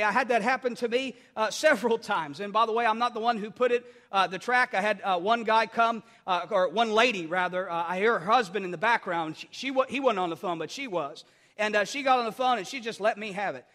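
Preaching as pastor, a man tells stories in an animated way, full of restarts and repeated words. His high voice runs a little fast and sounds like it fills a big room.

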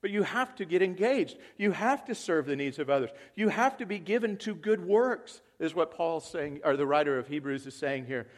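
A man preaching a sermon, moving from quiet, reflective talk to loud, excited calls to the congregation. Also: on the high side, normal speed, hardly any pauses. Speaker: pastor.

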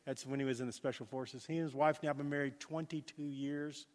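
A man preaching a sermon as pastor, telling a story with lively emphasis and dropping to a hushed tone for prayer. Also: mid-range voice, a little fast, in a large hall.

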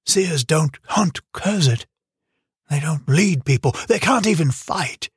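A man's voice: a little high, animated, slow pace, husky, no room sound, clean studio sound, pitched above the performer's own voice, heavily acted. A man voicing a moody, proud twelve-year-old boy in an audiobook, answering curtly and defiantly. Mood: sulky. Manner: curt, sulky, defiant. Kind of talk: audiobook character reading.

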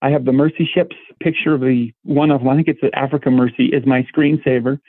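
A man's voice: mid-range voice, fairly even intonation, quick pace, dry recording. Middle-aged guy, earnest interview guest, tinny dry phone-line sound. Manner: earnest, restarts words often. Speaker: volunteer guest. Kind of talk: casual interview.

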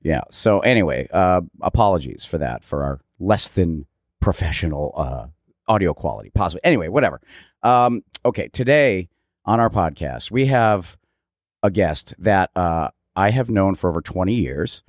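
Low-voiced laid-back male podcast host. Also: animated, moderate pace, no echo. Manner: laid-back, chatty, swears casually. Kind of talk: casual chat. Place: indoor room on an island. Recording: dry indoor room, air conditioner behind.

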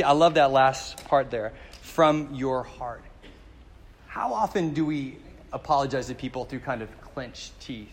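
A man's voice: medium pitch, big-room sound. A male pastor giving a sermon in a conversational, storytelling way with jokes.

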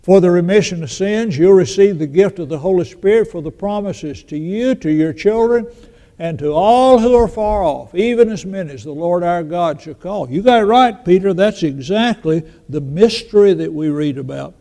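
A man's voice: sits high, lively intonation, normal speed, mellow. An older man preaching a sermon in a folksy storytelling manner, acting out the voices of the people he quotes. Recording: long reverb in a large hall.

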